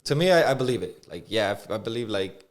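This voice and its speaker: A man in casual podcast chat, relaxed and agreeable, with slangy speech. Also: fairly low pitch, fast.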